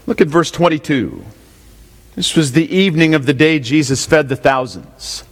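A pastor with a fairly high voice preaches an expository sermon at normal speed, often asking his listeners questions and repeating key lines. Long hall reverb surrounds the recording.

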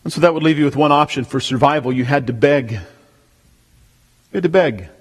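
A man preaching a sermon as pastor, emphatic, swelling to near-shouts on key words. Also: a little high, a little fast, husky, in a large hall.

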